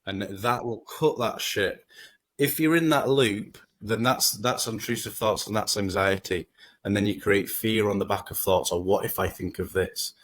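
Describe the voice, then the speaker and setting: A man's voice: lowish voice, normal speed, fairly bright tone, no room sound. A man, a podcast guest, talking casually and at length, swearing freely and acting out inner voices as he goes.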